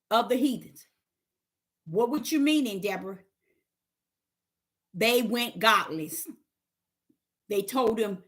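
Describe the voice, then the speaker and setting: Woman doing bible study on a livestream, high bright voice, slow and emphatic, keeps asking the chat questions. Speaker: Bible teacher.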